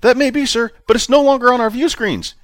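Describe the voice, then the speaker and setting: A man voicing a nervous young male starship officer who gives strained, dutiful reports in a high voice. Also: fairly quick, a bit bright, no echo. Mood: anxious.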